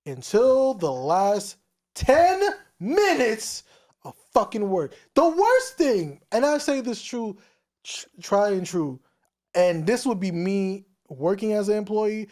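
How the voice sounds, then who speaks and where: Male podcast co-host, animated storyteller with a lively pitch and a lot of swearing. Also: a little slow. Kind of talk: casual podcast chat.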